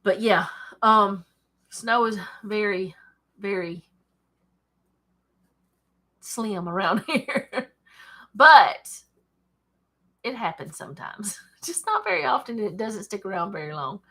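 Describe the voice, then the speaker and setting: A woman's voice: medium pitch, animated, slow, pauses often, pushed and bright. A woman with a Southern US accent, reading scripture and chatting about it casually at her desk at home, digressing often and laughing. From Alabama, USA. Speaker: Bible study host. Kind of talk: casual Bible reading and commentary.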